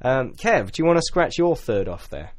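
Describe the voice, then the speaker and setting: A man's voice: mid-range voice, moderate pace, dry recording. A man hosting a casual local radio show, joking and laughing through the banter. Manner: jokey, laughing, lively banter.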